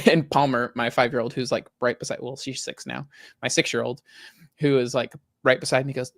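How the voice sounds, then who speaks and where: A man in his thirties from the Southern US co-hosting a podcast, telling stories in a lively, casual way full of fillers. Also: mid-range voice, fairly quick, vocal fry, no room sound, clean studio sound. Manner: animated storyteller, many "like" fillers. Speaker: podcast co-host. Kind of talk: casual chat.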